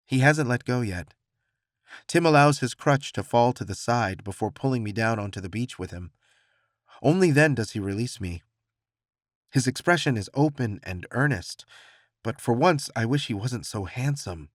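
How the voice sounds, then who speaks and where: A man narrating a first-person romance audiobook with expressive, reflective storytelling. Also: mid-range voice, normal speed, dry recording, clean studio sound.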